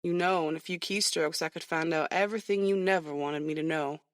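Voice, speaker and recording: A woman's voice: low-pitched, fairly even intonation, fairly quick, no room sound, close to an everyday voice. A woman voicing a clever, teasing young man in an audiobook, in a dry, wry manner. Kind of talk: audiobook character voice.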